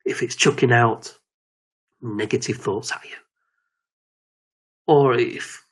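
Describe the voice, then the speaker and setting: Husky man coaching slowly. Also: medium pitch, steady tone. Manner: measured, repetitive, with frequent restarts. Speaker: confidence coach. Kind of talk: slow guided self-help talk.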